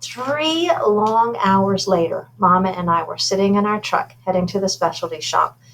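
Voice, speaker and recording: A woman's voice: medium pitch, normal speed, a bit bright, slight background noise, rough recording. A woman reading a children's novel aloud in an informal way, stumbling now and then and adding asides about her own slips. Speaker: reader.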